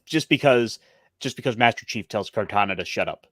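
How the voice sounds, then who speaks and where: A man's voice: on the low side, lively intonation, a little fast, fairly bright tone, dry recording, clean studio sound. A man joining a reaction stream as a guest, speaking hesitantly with frequent restarts. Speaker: guest commentator. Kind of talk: casual reaction-stream commentary.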